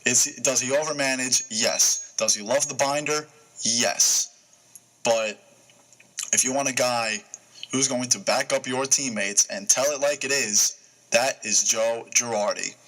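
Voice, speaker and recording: A man's voice: mid-range voice, steady tone, a little slow, a bit bright, poor audio. A young man hosting a casual sports talk show, emphatic, asking himself questions and answering them. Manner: emphatic, asks and answers his own questions. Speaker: host.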